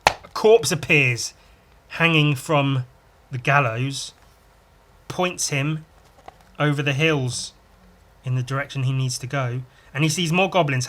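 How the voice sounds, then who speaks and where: A man's voice: mid-range voice, measured pace, a bit bright. A man hosting a podcast, chatting casually and enthusiastically while reading a comic and adding his own sound effects. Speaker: podcast host.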